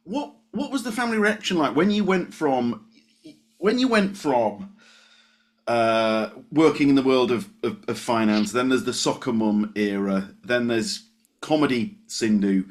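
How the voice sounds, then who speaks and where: A man hosting a comedy podcast, asking questions with halting restarts. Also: mid-range voice. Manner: halting, repeats words while asking. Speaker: podcast host. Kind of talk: interview questions.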